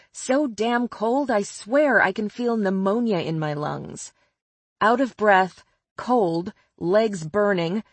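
A woman reads a first-person story aloud, unhurried and wry, with a sardonic edge. The recording is dry and close, with no room sound. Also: mid-range voice, no echo. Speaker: audiobook narrator. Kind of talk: first-person audiobook narration.

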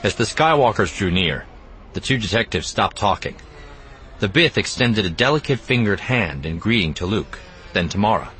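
A man narrating an audiobook in an expressive, even storytelling manner. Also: deep voice, normal speed, slight background noise. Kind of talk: scripted narration.

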